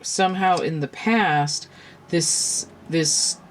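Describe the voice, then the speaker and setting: A woman's voice: sits low, slow, slight background noise. A woman giving a casual tarot reading in a rambling, slangy way, with a lot of "like" and free swearing. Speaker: tarot reader.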